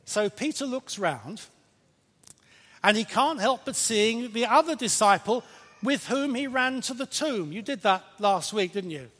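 A man preaching a sermon in a church, lively and playful, with emphatic points and questions to the congregation. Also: extremely high pitch, measured pace. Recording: reverberant church hall.

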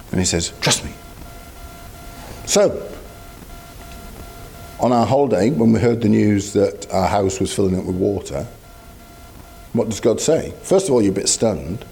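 A man's voice: fairly low pitch, creaky, mellow. A man preaching a sermon in a conversational, storytelling way with asides to the congregation.

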